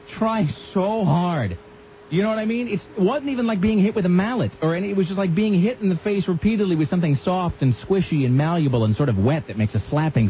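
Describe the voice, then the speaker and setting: Fast-talking sarcastic radio host. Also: male voice, on the high side. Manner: rambling, sarcastic, animated impressions. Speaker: radio talk show host. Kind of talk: casual radio banter. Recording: dull radio broadcast with faint hiss.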